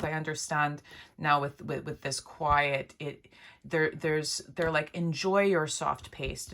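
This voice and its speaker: A woman giving a spiritual pick-a-card reading, speaking gently and haltingly with many restarts and a heartfelt, emotional tone. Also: sits low. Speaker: intuitive card reader.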